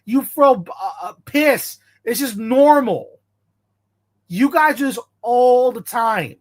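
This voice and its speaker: A man's voice: very high voice, lively intonation, slow pace. An American man commenting on a video in a heated, casual rant, blunt and confrontational, repeating himself for emphasis. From United States.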